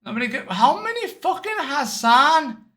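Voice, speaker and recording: A man's voice: very high-pitched, big pitch swings, moderate pace, sharp tone, roomy sound. A man live-streaming in a brash, boastful, profane way, tired out. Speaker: livestreamer. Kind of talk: casual live-stream chat.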